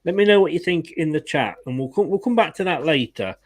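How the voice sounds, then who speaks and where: A fan channel host talks fast in a high, expressive voice during a casual live stream. He chats, laughs a lot, welcomes viewers in the chat and reads out their comments.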